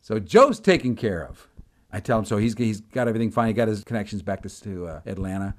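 A man tells a personal story with lots of energy, acting out each voice as he goes and laughing often. His pitch swings widely, rising and falling with the story. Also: fast. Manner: animated, acts out every voice, laughs often.

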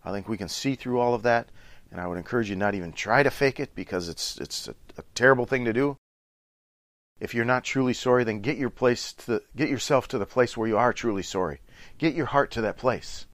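A man's voice: medium pitch, fairly quick, fairly bright tone, no room sound. A middle-aged man giving an earnest, instructive talk on relationships, coaching his listeners. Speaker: relationship speaker.

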